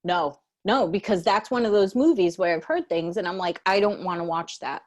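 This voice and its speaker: A woman with a fairly low voice, chatting casually as a podcast co-host. She tells stories in an animated, slangy way. When she quotes her own reactions, her voice leaps up high. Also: normal speed. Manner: animated storytelling, slangy, jumps to high excited pitch when quoting herself. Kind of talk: casual chat.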